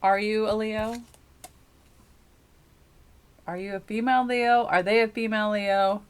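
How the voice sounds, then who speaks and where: A woman's voice: medium pitch, fairly even intonation, fairly quick, a little hiss or hum. A woman giving a casual tarot reading, giggling often and rambling as she muses aloud. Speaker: tarot reader.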